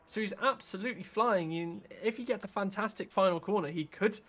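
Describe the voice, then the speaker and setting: A man's voice: high-pitched, a little fast, a bit bright. A man co-commentating a sim race, talking through gaps, slipstream and tactics.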